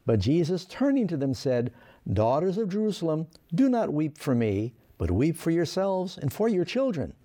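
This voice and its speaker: A man's voice: on the high side, big pitch swings, normal speed, dark tone. A man preaching a sermon, reading scripture aloud and stressing key lines with earnest emphasis.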